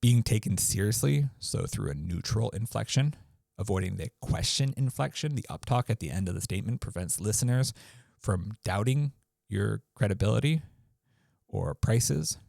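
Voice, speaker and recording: A man's voice: fairly low pitch, moderate pace, creaky, dry recording, clean studio sound. A man hosting his own podcast, talking casually with loose fillers. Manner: relaxed, loose, with offhand fillers. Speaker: podcast host. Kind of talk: casual solo podcast talk. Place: New Zealand.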